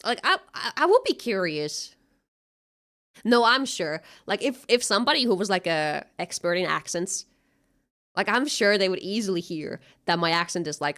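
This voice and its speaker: Give me a young Finnish woman streamer rambling and giggling between games, her pitch swinging a lot. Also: expressive, moderate pace, a bit bright. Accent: Finnish-tinged American English. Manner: rambling, giggly, thinks aloud with many fillers. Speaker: VTuber streamer. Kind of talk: casual chat while gaming.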